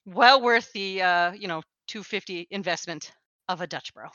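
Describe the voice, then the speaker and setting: A woman's voice: on the low side, moderate pace, sharp tone, dry recording, lo-fi sound. A woman co-hosting a podcast and running games as a game master, chatting casually in a self-deprecating way with frequent laughs. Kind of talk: casual chat.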